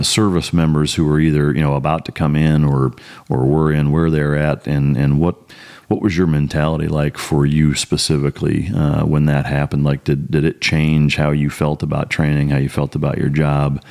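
Very deep-voiced podcast host. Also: male voice, creaky. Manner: relaxed, profane, quick backchannel yeahs. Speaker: podcast host, former SEAL. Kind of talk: casual interview chat.

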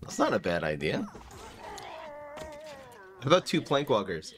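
A man giving casual, excitable commentary while playing a card video game, breaking into sudden exclamations. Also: medium pitch, unhurried, slight background noise. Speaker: gaming YouTuber.

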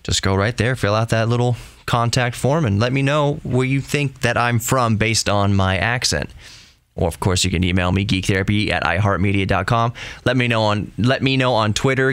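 A man's voice: lowish voice, fairly bright tone, clear, resonant tone, no room sound. A man from Texas hosting his own tech podcast, talking loosely and rambling in a chatty, self-deprecating way. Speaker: podcast host. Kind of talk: casual solo podcast monologue.

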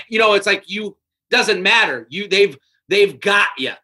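A man in his thirties guesting on a podcast, talking in a high, bright voice. He tells his stories with animation and acts out what other people said. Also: unhurried. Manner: animated storyteller who acts out quotes. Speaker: comedian guest. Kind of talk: casual podcast chat.

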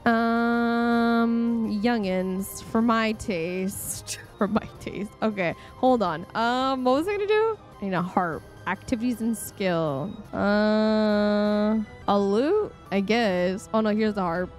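A woman hosting a gaming video, chatting casually and reacting out loud to what happens on screen. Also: medium pitch, takes it slowly, soft background music. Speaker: gaming channel host. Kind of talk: casual let's-play commentary. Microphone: desk microphone.

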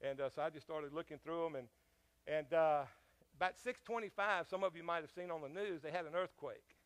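A man's voice: on the high side, brisk. A man preaching a sermon as pastor, telling a personal story in a conversational way, with frequent fillers and questions to the congregation.

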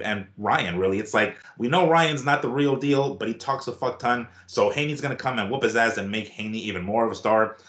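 A man's voice: mid-range voice, fairly bright tone, reverberant. A man co-hosting a boxing talk show in casual chat, rambling and swearing with lots of fillers and restarts.

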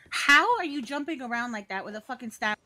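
A woman's voice: high voice, animated, a little fast, bright, forceful tone, exaggerated voice. A woman playing a brash, teasing frontier character in a western role-play game who swears freely.

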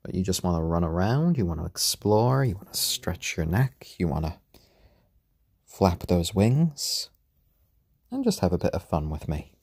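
A tired man hosting a casual live stream from home, talking gently and unhurriedly, often cooing to a chick. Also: low voice, big pitch swings, measured pace, gravelly, breathy edge. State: tired after a long workday. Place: at home, indoors.

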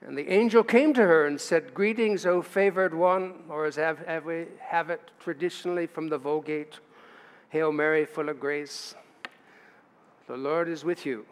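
A man's voice: on the high side, normal speed, clear, resonant tone. A man preaching a sermon as pastor, in a chatty way with asides to the congregation. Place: church sanctuary. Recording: church livestream with long hall reverb.

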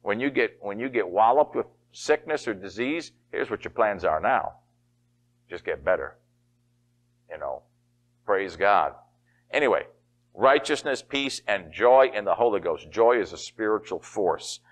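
A middle-aged man preaching a sermon as pastor, folksy and animated, often laughing and acting out quotes. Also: on the low side, normal speed.

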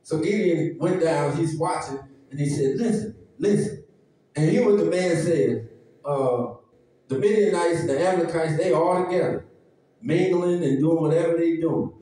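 High-voiced preacher in an echoey church. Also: male voice, normal speed, dark tone. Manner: folksy, conversational preaching with dialect and call-and-response. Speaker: pastor. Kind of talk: sermon. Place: church sanctuary. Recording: echoey church hall, mic at a distance. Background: congregation answering amen.

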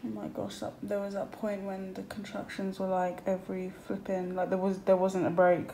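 Speaking in a mellow, mid-range monotone with vocal fry at normal speed, this young UK vlogger and new mother talks to her phone in a hospital room. She's worn out and breathless yet chatty, breaking into laughter now and then. Audio is poor, with hiss and ambient room noise.

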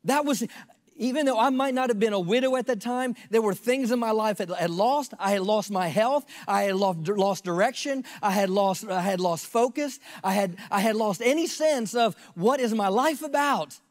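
A man in his fifties, a pastor giving his testimony as a sermon, preaching with passion and lots of repetition, swinging between loud and hushed. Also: high voice, normal speed, in a large hall. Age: 50s.

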